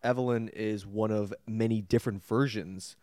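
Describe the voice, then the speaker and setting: A man's voice: on the low side, normal speed, no room sound, clean studio sound. A young man hosting a podcast, retelling and praising eagerly in casual chat. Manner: enthusiastic, animated retelling. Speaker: podcast host.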